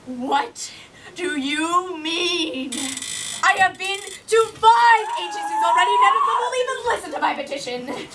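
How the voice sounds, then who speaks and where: A woman's voice: very high voice, big pitch swings, a little slow, fairly bright tone, exaggerated voice. A woman playing a hysterical, relentless petitioner in a theatrical stage scene. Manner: theatrical, melodramatic, wailing pleas. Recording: distant mic, noisy background.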